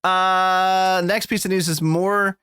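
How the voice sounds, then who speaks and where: A man's voice: sits high, fairly even intonation, takes it slowly, pushed and bright, smooth, no room sound. Chatty man, dry close mic. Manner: chatty, laughing, swears freely. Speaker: podcast co-host. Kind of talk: casual chat.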